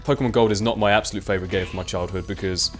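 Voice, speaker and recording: A man's voice: lowish voice, fairly even intonation, very fast, faint music behind. A young man gives casual, rambling, self-mocking commentary while playing a video game. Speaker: let's play commentator.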